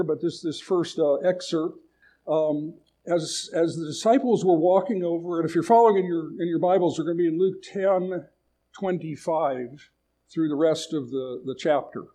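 A man with a warm, fairly high voice delivers a sermon at a retreat. He paraphrases a story aloud conversationally, frequently restarting phrases.

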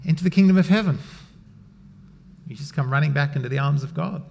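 A middle-aged man preaching a sermon in a conversational way, swinging from loud emphasis to a near-whisper. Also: high voice. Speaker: pastor.

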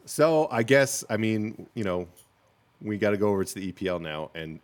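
A man's voice: on the low side, animated, normal speed. A man co-hosting a casual sports podcast, talking in an opinionated, joking and rambling way.

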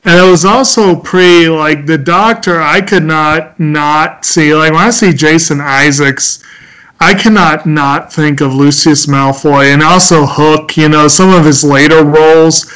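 A man's voice: fairly high pitch, fairly even intonation, a little slow, a bit bright, clean tone, low-quality recording. A man chatting on a podcast, rambling and thinking aloud with many "like"s. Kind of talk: casual chat.

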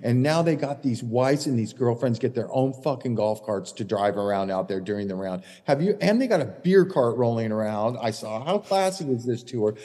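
A man's voice: medium pitch, lively intonation, moderate pace, few pauses, warm tone, big-room sound. A man co-hosting a podcast, telling a heated caddie story in blunt, profane casual chat. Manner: blunt, heated, swears constantly. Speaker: podcast co-host, former tour caddie.

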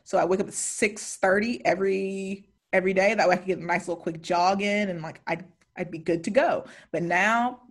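A woman's voice: mid-range voice, brisk. A young adult woman hosting a podcast interview in a chatty, rambling way, with casual swearing. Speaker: podcast host.

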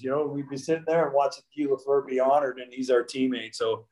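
Rambling middle-aged man with a flat voice. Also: mid-range voice, fairly quick, poor audio. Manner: rambling, with many restarts and fillers. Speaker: guest, former pro hockey player. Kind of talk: casual interview.

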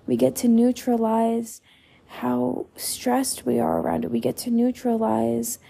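A woman's voice: fairly high pitch, monotone, measured pace, vocal fry, dark tone, husky. A woman hosting a podcast, delivering a blunt motivational monologue full of swearing and emphatic repetition. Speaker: podcast host and mindset coach.

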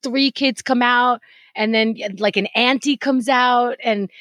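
A woman from New York chatting on a podcast as co-host, lively and acting out little scenes. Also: fairly high pitch, a little slow, no echo. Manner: lively, chatty, acts out phone calls. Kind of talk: casual chat.

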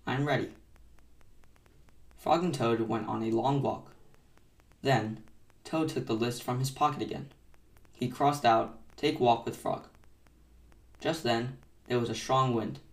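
A man hosting a bedtime story podcast, reading aloud gently in a soothing, unhurried style. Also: mid-range voice, reverberant, distant mic.

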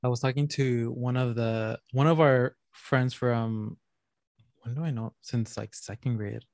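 A man's voice: mid-range voice, fairly even intonation, unhurried, creaky, darkish tone, dry recording. A man co-hosts a casual podcast and mostly chimes in. He backs up his co-host with emphatic, supportive comments and the odd swear. The sound is dry and close.

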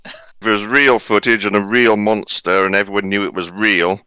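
A man's voice: fairly low pitch, fairly even intonation, moderate pace, sharp tone, clean tone, no room sound, lo-fi sound. A man, co-hosting a casual podcast chat with dry humour and casual swearing. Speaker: podcast co-host.

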